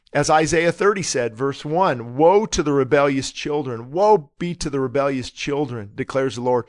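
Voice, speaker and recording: A man preaching a sermon in an earnest, urgent way, pleading and repeating calls to repent. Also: fairly high pitch. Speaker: pastor.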